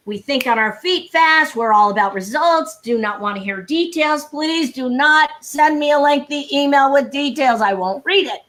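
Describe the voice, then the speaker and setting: A woman sales coach speaking live over a video call, brisk and emphatic, with frequent laughter and humor. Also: sits high, sharp tone. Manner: brisk, emphatic, laughs often, acts out dialogue. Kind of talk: energetic live talk with humor.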